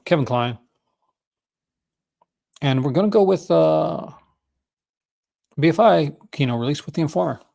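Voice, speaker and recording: A man's voice: on the high side, gravelly, a little mellow. A man hosting a casual livestream, rambling enthusiastically and often correcting himself mid-sentence. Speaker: host.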